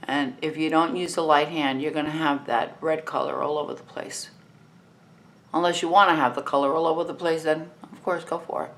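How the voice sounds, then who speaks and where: A woman in her fifties with a New Jersey accent chats in a relaxed way while working through a makeup tutorial. Her voice sits low and her delivery is brisk.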